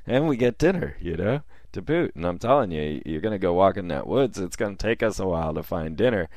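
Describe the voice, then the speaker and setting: Man, casual storytelling, rambling, gravelly, very low voice. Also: animated, a little fast, few pauses, darkish tone, no echo, clean studio sound. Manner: rambling, with fillers and chuckles.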